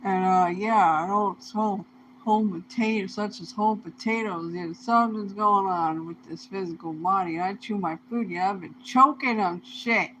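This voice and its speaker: A woman's voice: medium pitch, moderate pace, a bit bright, slight background noise, rough recording. A young woman talking to camera in a rambling, casual monologue, swearing heavily in loose, slangy speech. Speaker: vlogger.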